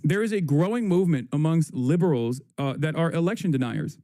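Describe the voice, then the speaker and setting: A man streaming live, reading posts aloud and joking in quick casual talk. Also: a little high, animated, mellow, dry recording. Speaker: livestreamer. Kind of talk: casual livestream commentary.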